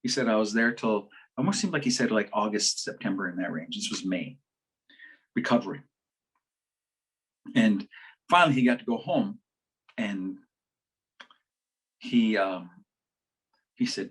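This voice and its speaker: Husky-voiced man telling a story. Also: fairly low pitch, expressive, unhurried, pauses often, rough recording. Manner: conversational, repeats words and restarts, quotes others. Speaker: health educator. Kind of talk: storytelling in a community talk. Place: online community forum session.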